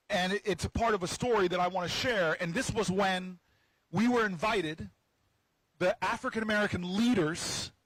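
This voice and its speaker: A man with a high, husky voice tells a story to a crowd outdoors. He is playful and teases his listeners, often stumbling over and repeating his words as he goes. His voice sounds close and dry. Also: fairly bright tone, no echo, poor audio. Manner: stammering restarts and repeated words. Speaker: senator. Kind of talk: storytelling speech at an outdoor rally. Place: outdoors on building steps at a rally.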